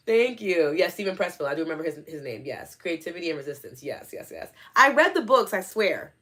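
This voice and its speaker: Woman, thirties, from New York City, live stream host, animated, laughs often, low voice. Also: fast. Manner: animated, laughs often, talks to her audience directly. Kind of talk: live stream chat reading viewer comments.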